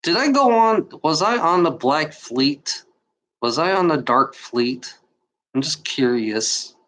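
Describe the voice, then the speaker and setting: A woman from Germany giving an emotional unscripted monologue, out of breath and talking in halting, restarting bursts. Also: low-pitched, lively intonation, a bit bright. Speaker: channel host.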